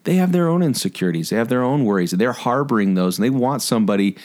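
A man who is a psychologist, explaining ideas in a thoughtful, measured way in a casual podcast chat. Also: mid-range voice, lively intonation, darkish tone.

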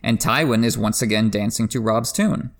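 Man enthusiastically analyzing a book series. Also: moderate pace. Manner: enthusiastic literary analysis with emphatic pitch jumps; laughs while talking. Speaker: podcast host. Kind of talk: book discussion podcast.

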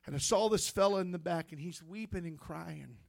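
A male preacher tells his testimony with fervent, building energy. His voice sits high for a man. The sound is dry and close, with no room echo. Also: brisk, creaky. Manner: fervent storytelling, rising to shouts. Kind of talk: sermon testimony.

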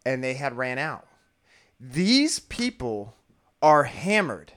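A man with a smooth, resonant voice talks in a loose, casual way. He rambles and restarts, then gets animated and laughs as he makes his point. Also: mid-range voice, takes it slowly. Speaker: podcast co-host. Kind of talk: casual discussion.

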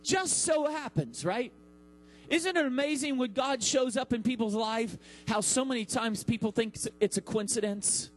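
A man in his thirties preaches a sermon from the pulpit in a very high voice. He builds his points with dramatic pauses and acts out the quotes he tells. A mains hum runs faintly under the recording. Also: rough recording. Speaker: pastor.

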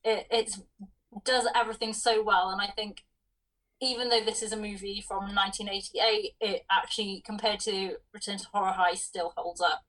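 A woman co-hosts a casual film podcast. She talks thoughtfully, pausing and restarting her sentences. Her voice sounds a bit distant from the microphone. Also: medium pitch, steady tone, a bit bright. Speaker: podcast co-host.

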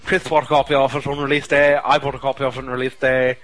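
A man's voice: mid-range voice, little pitch movement, fast talker, fairly bright tone, rough recording. Man, casual podcast co-host, rambling and self-correcting, faint music bed. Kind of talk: casual chat.

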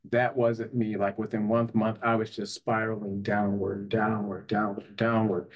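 A man's voice: fairly low pitch, little pitch movement, a little slow, dull audio. Earnest man telling his story. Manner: earnest, tag questions, frequent "you know". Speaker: guest, psychotherapist and life coach. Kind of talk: emotional personal storytelling.

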